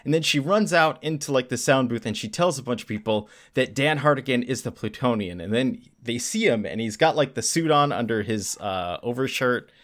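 A man co-hosting a casual podcast, retelling a comic plot and acting out the characters' lines in quick bursts. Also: medium pitch, animated, fairly bright tone. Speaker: podcast co-host.

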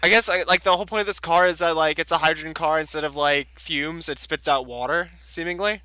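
A man's voice: on the high side, steady tone, fast talker, sharp tone, smooth, no room sound. A man co-hosting a casual podcast about comics, giving dry, offhand explanations. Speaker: podcast co-host. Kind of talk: casual comic-book discussion.

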